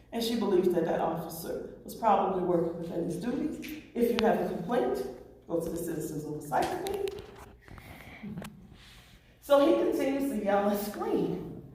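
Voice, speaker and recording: Presenting to a public oversight board, a woman tells a story and voices the people she quotes, her mid-range voice dark in tone. A little hiss or hum is audible. The recording is distant and echoey, with strong echo from the large meeting room.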